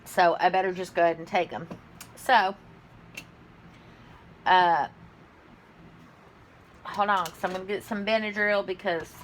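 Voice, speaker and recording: A middle-aged woman, chatting casually to camera at home in a rambling way, with sudden high exclamations. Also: fairly bright tone, slight background noise. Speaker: vlogger. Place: at home indoors.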